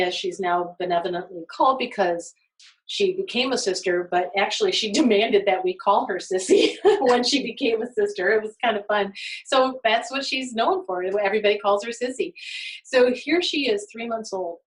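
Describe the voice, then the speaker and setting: A middle-aged woman hosting a podcast, telling stories in a casual, animated way, laughing often and acting out quotes. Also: medium pitch, distant mic, poor audio. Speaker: podcast host. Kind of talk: casual storytelling chat.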